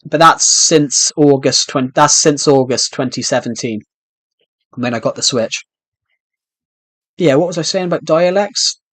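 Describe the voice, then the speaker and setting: Rambling British streamer, dry close sound. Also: male voice, a little high, measured pace, pauses often, a bit bright, dry recording. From United Kingdom. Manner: rambling, with frequent restarts. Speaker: game streamer. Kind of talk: casual live-stream chat while playing.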